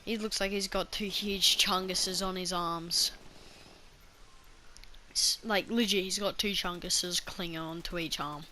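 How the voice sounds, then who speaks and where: A woman's voice: on the low side, steady tone, unhurried, bright, forceful tone, a little hiss or hum. A woman vlogger telling a personal story in a casual, rambling way, full of restarts and fillers.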